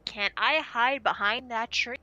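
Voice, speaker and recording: A woman's voice: on the high side, measured pace, sharp tone, highs cut off. A woman playing a tabletop game, asking one question after another about the scene. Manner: inquisitive, asks many questions. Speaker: player.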